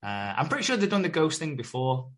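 A man's voice: on the high side, sing-song, fast talker. A man, co-hosting a podcast and retelling a soap episode in casual, sweary chat. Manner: swears freely, retells scenes with quoted voices. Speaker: podcast co-host.

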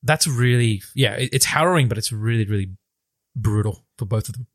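A man's voice: mid-range voice, no room sound, clean studio sound. A man chatting casually as a podcast co-host, eagerly retelling film scenes. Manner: fast, animated retelling of scenes.

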